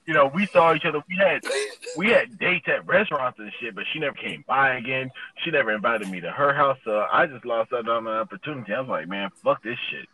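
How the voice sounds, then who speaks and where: A man's voice: medium pitch, quick pace, bright, forceful tone, slight background noise, low-quality recording. A man in his thirties casually telling a long personal story, laid-back and full of "you know" fillers.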